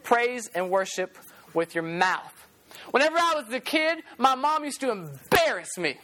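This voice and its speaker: In a church, a woman preaches to a youth group, telling stories animatedly and acting out quotes. Her voice is a little high and her pace measured.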